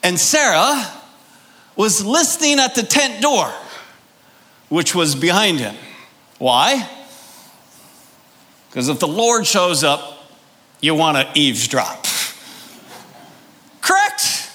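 A man preaching a sermon, emphatic and deliberate, firing rhetorical questions at his congregation. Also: high voice, sing-song, pushed and bright. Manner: drawn-out, deliberate delivery with pauses. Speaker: pastor.

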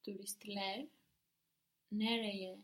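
A woman student answers her teacher's prompts in a language lesson. She speaks softly and tentatively, keeping her tone flat and even as she tries out each word. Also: medium pitch, drawn-out words. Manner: soft, careful, tentative answers.

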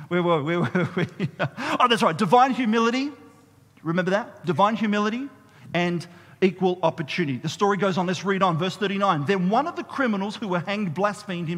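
A man preaching a sermon as a pastor, in a lively, conversational way, drawing the congregation into call-and-response. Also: high voice, fairly quick. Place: church hall. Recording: long reverb of a church hall.

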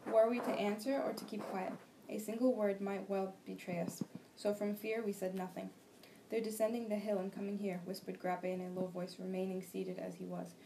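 Low-toned young woman reading aloud. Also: normal speed, vocal fry. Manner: plain steady reading with small slips and restarts. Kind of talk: reading a novel aloud in class discussion. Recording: faint background noise.

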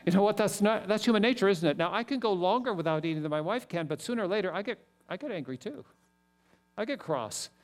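High-voiced animated preacher man. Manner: animated storytelling preacher with quick asides. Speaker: pastor. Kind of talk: sermon.

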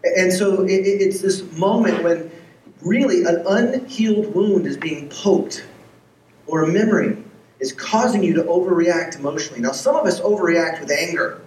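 A man's voice: high-pitched, moderate pace, darkish tone, a little hiss or hum. A man preaching a sermon who tells stories and acts out the dialogue in them. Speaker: pastor. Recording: echoey room, heard from far off.

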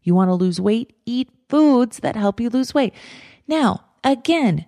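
Firm, mellow-voiced woman coaching. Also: fairly high pitch, lively intonation, a little slow, dry recording, studio quality. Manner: direct, emphatic, repeats her steps. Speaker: life coach and podcast host. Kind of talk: motivational podcast talk.

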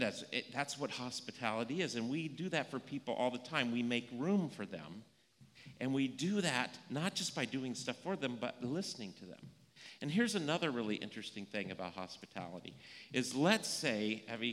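A man giving a playful children's sermon in a church. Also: mid-range voice. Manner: animated, playful, acts out little scenes. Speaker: pastor giving a children's message. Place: church sanctuary. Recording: echoey church room.

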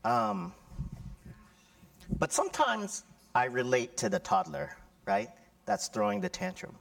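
A man's voice: high voice, wildly swooping pitch, a little slow, creaky. A middle-aged male pastor giving a conversational sermon, acting out crying children and tantrums as he talks.

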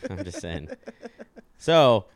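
Profane, animated young man telling stories. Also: deep voice, drawn-out words. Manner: animated storyteller, profane, acts out quotes. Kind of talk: casual chat.

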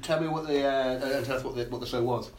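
A man's voice: mid-range voice, steady tone, quick pace, far from the mic. A man co-hosting a live theatre podcast in front of an audience, chatty and self-deprecating, laughing often. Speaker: podcast co-host. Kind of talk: casual live podcast chat. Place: live venue room. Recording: echoey room, background noise.

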